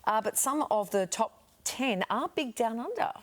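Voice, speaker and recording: A woman's voice: on the high side, lively intonation, moderate pace. A woman with an Australian accent presenting morning TV news, reading links and chatting with a guest. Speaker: TV news host.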